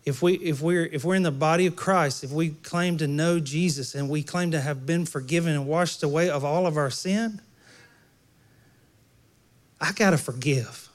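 Male pastor, fairly high voice, relaxed conversational sermon with jokes to the crowd. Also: normal speed.

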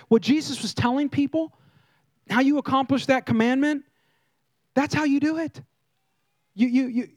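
A male pastor preaching a sermon in church, swinging between loud emphasis and hushed low tones and leading the congregation in call-and-response. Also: no echo.

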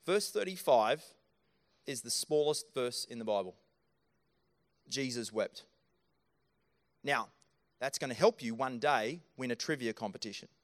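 A pastor speaks into a handheld microphone in a church auditorium, delivering a sermon that includes live scripture staging. His mid-range voice is animated but measured, with long pauses, as he talks earnestly and directly to his congregation.

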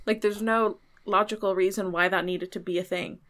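A woman's voice: medium pitch, steady tone, normal speed, fairly bright tone. Chatty woman picking apart a film. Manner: chatty, sarcastic, questioning. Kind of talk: casual film review chat.

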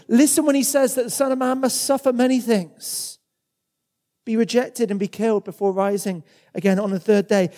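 A man's voice: extremely high pitch, mellow. Conversational male preacher in a reverberant hall. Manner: conversational, with acted quotes and repeated words. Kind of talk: sermon.

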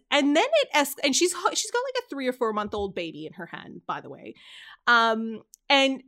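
Woman from canada telling a story on her podcast, a bit high voice, really animated, does all the voices of the people in it. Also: moderate pace. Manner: animated storyteller, acts out quoted lines. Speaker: podcast host. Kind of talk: casual storytelling chat.

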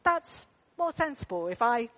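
A woman's voice: a little high, very animated, unhurried, pushed and bright, full character voice. A woman voicing a small lost boy who talks in an earnest, matter-of-fact way and stumbles over his words. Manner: hesitant, repeating his words.

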